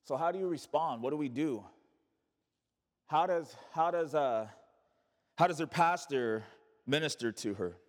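A man's voice: on the high side, animated, unhurried, pauses often, in a large hall. A male pastor preaching a sermon, asking rhetorical questions and calling on the congregation to repeat words back.

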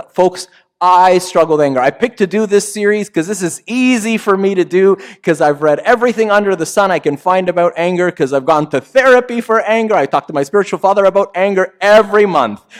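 Middle-aged guy preaching, chatty, fairly high voice, goes loud then real quiet. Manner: conversational preaching with frequent "right?" asides. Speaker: pastor. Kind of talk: sermon.

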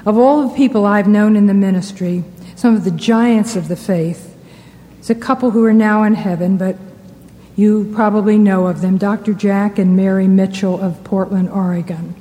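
A woman's voice: medium pitch, fairly even intonation, moderate pace. A woman giving a Christian sermon-style talk, telling personal anecdotes. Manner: warm, anecdotal storytelling. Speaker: Christian speaker. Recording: long hall reverb.

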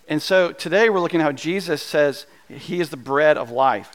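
A pastor preaches a sermon, blending playful jokes about bread with earnest teaching. He is humorous and animated, full of quick asides and restarts, and his voice jumps higher when he gets excited.

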